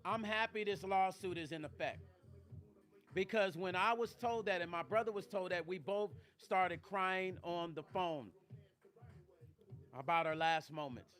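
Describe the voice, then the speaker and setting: Speaking in a high, slightly bright voice without hurrying, a middle-aged vlog host addresses his live-stream viewers directly. He's emotional and near tears, emphatic, and he curses.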